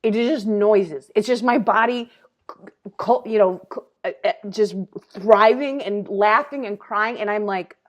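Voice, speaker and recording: Here a thirtysomething woman hosting a comedy talk show spins an animated, laughter-filled story in a relaxed manner. She speaks a little slowly in a mid-range voice, and the recording has its highs cut off.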